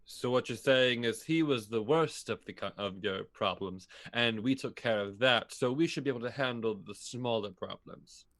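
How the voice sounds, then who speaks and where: A man's voice: medium pitch, normal speed, hardly any pauses, a bit bright. A man playing a tabletop game, direct and practical, asking pointed questions. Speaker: player. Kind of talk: casual tabletop play.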